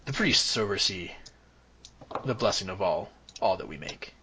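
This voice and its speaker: A man voicing a proud, gruff old male dwarf who works as a forge master, with booming, old-fashioned phrasing. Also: expressive, moderate pace, pushed and bright, slight background noise.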